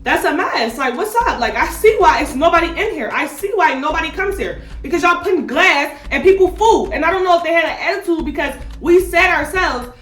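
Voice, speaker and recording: A young woman vlogger telling a storytime in a slangy, animated, indignant way, firing off rhetorical questions. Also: extremely high pitch, brisk, few pauses. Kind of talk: storytime vlog. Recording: echoey room, mic at a distance, faint music.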